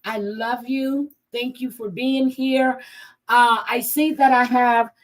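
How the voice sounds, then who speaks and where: Slow-talking woman chatting on a livestream. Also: on the high side, steady tone, low-quality recording. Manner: chatty, thanks viewers by name, talks to herself while clicking around. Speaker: livestream host reading chat. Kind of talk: casual live-stream chat.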